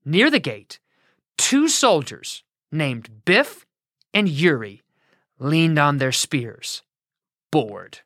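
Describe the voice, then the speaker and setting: Bright, playful woman storyteller. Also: low-pitched, extremely slow, pauses often, no room sound, clean studio sound. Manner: playful, expressive. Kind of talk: children's Bible story narration.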